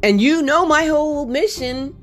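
A woman hosting her own podcast as an evangelist, talking about learning to like her voice, with a loud laugh and lively retellings of what others told her. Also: high voice, moderate pace, soft background music. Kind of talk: personal podcast talk.

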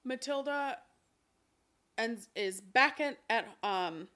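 A woman co-hosting a podcast, chatting casually as she recaps a film, telling it in an animated way and swearing freely. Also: on the high side, takes it slowly, noisy background. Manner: animated storyteller, acts out characters' lines. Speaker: podcast co-host.

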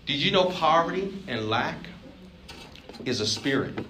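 A man's voice: on the high side, expressive, unhurried, sharp tone, slight background noise. A man from Alabama, preaching a sermon as pastor, emphatic and joking, asking the congregation questions. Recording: roomy, distant mic, faint ambience.

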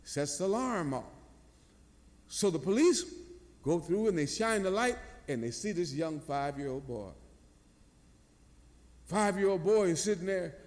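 An older man preaching a sermon as pastor, telling a story slowly and with animation in a church. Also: sits high, in a large hall. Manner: animated storyteller, slow and drawn-out.

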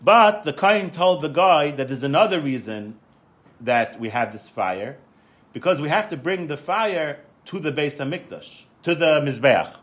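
High-voiced man teaching a Torah class. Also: moderate pace. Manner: animated, repeats words, many fillers and restarts. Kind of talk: Torah lecture with storytelling.

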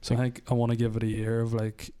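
A man's voice: medium pitch, completely flat delivery, fast talker, dark tone, clean tone. A young man, co-hosting a podcast and talking hesitantly, ending phrases with "like". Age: young adult. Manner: hesitant, trailing "like". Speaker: podcast co-host. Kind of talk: casual chat.

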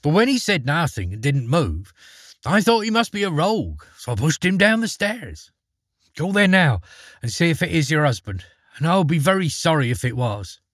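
A man's voice: a little high, sing-song, moderate pace, a bit bright, no echo, clean studio sound, voice pushed up. A man voicing a naive, fearless young man in a storybook reading, speaking in an earnest, plain way.

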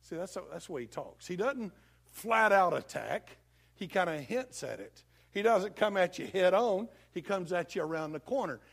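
A male preacher giving a folksy, animated sermon full of homely comparisons. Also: high voice, moderate pace, creaky.

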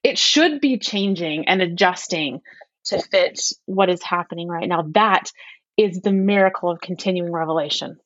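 A woman's voice: on the low side, moderate pace, no room sound. A woman in a casual religious discussion who speaks earnestly and reads quotations aloud with feeling. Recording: dry, slightly muffled audio.

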